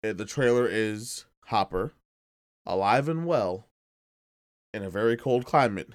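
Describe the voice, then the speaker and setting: A man co-hosting a podcast, bantering in a joking, animated way and swearing casually. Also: on the low side, measured pace, dry recording, studio quality. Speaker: podcast co-host.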